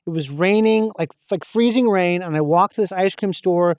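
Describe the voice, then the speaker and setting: A man with a notably high voice talks loosely on a comedy podcast, circling back to bits and drawing words out. The sound is dry and close, with no room around it. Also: darkish tone, no room sound. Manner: playful, repeats jokes, drawn-out bits. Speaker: podcast guest. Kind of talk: casual comedic chat.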